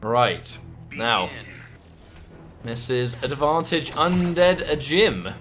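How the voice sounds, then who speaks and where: A man doing live commentary on a fighting game tournament, excitable and prone to loud shouts. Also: mid-range voice, drawn-out words, faint music behind. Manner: excitable, breaks into loud shouts at big moments. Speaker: esports commentator.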